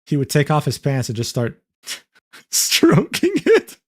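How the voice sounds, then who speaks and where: Young male streamer, animated mid-range voice, incredulous and profane. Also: a little high, takes it slowly. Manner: incredulous, swearing, laughs often. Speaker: streamer reacting to a clip. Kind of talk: casual reaction commentary.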